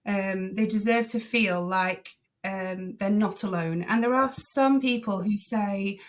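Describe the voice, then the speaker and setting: A woman's voice: mid-range voice, slow. Earnest, chatty woman guest. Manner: earnest, enthusiastic, many ums. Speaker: driving instructor and trainer, guest. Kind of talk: casual podcast conversation.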